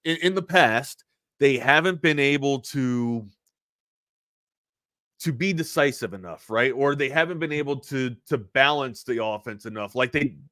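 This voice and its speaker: A man with a slight Baltimore accent co-hosts a sports talk show, rambling and animated as he breaks down games. His voice is bright and forceful. It is recorded dry and close on a studio mic. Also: mid-range voice, unhurried, no room sound.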